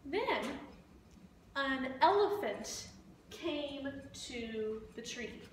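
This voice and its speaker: A woman teacher retells a simple story to learners in a high voice, repeating each key phrase several times. Her delivery is extremely slow and deliberate. The room is very echoey, with faint ambience behind her. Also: lively intonation, far from the mic, slight background noise. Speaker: language teacher. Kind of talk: slow story-listening lesson.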